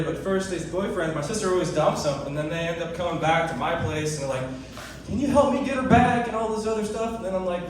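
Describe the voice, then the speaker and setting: A man's voice: on the high side, very echoey, distant mic, a little hiss or hum. A young man telling crude, rambling self-deprecating stories in an open mic stand-up set at a comedy club.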